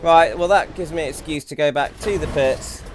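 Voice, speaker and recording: Streamer, fairly high voice, rambling chat while racing at his home rig, noisy background. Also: normal speed. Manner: chatty, rambling, reacting to the race mid-sentence. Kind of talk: casual live-stream commentary while racing.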